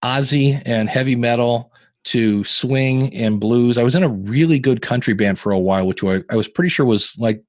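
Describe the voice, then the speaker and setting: He speaks at medium pitch and a moderate pace, captured in a dry recording. A podcaster and guitarist in his fifties from Northeast Ohio, he's telling stories in a laid-back interview, chatty and lively when repeating what others told him.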